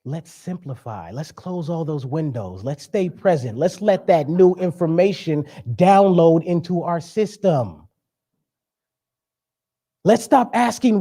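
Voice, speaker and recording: A man's voice: a little high, animated, takes it slowly, dark tone. A young man giving a sermon as a guest speaker, conversational and joking, with emphatic preaching.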